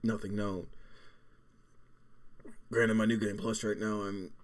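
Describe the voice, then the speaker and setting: A man's voice: fairly low pitch, flat delivery, slow. A man in his twenties chatting casually as a vlog host while suffering through a hot pepper. He is teary and burning, groaning, swearing and breaking off mid-sentence. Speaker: gaming channel host.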